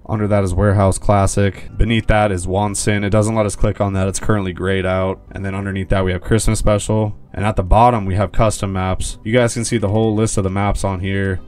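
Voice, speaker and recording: A young man giving casual gameplay commentary as a gaming video host, excitable and swearing, yelling when he panics. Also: sits low. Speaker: gaming YouTuber.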